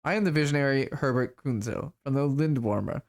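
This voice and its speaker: A man's voice: medium pitch, fairly quick, natural voice. A man voicing a smug male orc artist who calls himself a visionary, reading the game dialogue aloud in a grand, self-important way.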